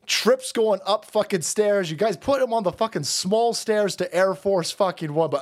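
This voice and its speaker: A streamer host with a high voice and measured pace delivers a crude, profane political rant. He mocks, laughs at his own jokes, rambles, trails off, and mutters asides.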